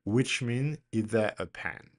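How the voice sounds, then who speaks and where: A male language teacher delivering a recorded grammar lesson at an unhurried, measured pace. His pitch swings widely, jumping up on the example questions he models for learners to repeat. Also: lively intonation. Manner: slow, deliberate, models questions with a strong rise.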